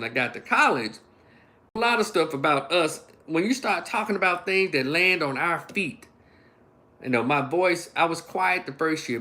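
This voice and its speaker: A man in his fifties telling a story on a casual livestream, animated, laughing, blunt and profane. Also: a little high. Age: 50s. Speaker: online commentator.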